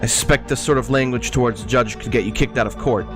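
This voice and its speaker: A man reading out a formal courtroom judge who lays out charges in measured tones. His pitch is middling and he sounds congested, with faint music playing behind. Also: close to an everyday voice.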